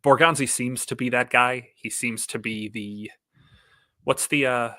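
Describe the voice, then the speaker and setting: Bright-voiced wry male sports reporter. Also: mid-range voice, measured pace, no echo. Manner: wry, deadpan humor. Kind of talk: casual sports talk.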